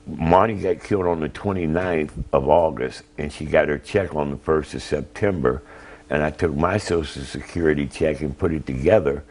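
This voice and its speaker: Older man with a very deep voice. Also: a little mellow. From Ohio. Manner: plain, halting, retells phone calls. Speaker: interview guest, grandfather. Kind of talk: emotional interview answers.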